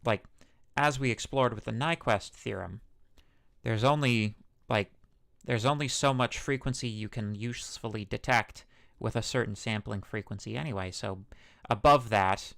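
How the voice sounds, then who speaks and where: A man's voice: mid-range voice, normal speed, a bit bright. A man lecturing a university class, conversational and loose, with fillers, self-corrections and the odd joke. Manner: jokes about his own smooth radio-like tone. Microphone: microphone.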